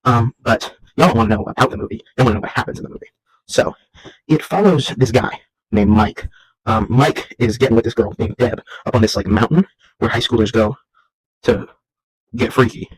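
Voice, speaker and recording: A man's voice: mid-range voice, a little fast, husky, low-quality recording. Young male vlog host, home setting, loose and rambling, comedic. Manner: goofy, rambling, jumps into silly voices. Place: at home while folding laundry.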